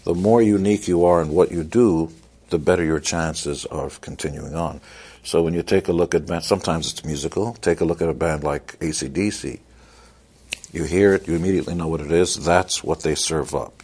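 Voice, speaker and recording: A man with a very deep, low voice gives motivational advice in a blunt, brash way. He is a rock musician and businessman, and he jokes as he talks. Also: fairly quick, a little mellow. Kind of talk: motivational interview talk.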